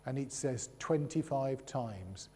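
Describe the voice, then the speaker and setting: A man's voice: medium pitch, takes it slowly, warm tone, slight background noise. A man giving a sermon in a chatty way, with humorous asides and rhetorical questions. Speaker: preacher. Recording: long reverb of a large hall.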